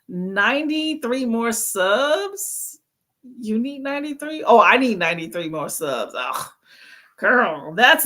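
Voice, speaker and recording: A woman's voice: fairly high pitch, sharp tone. A tired woman hosting a casual reading livestream, chatty and laughing often as she greets her chat. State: tired from no sleep. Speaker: livestream book club host.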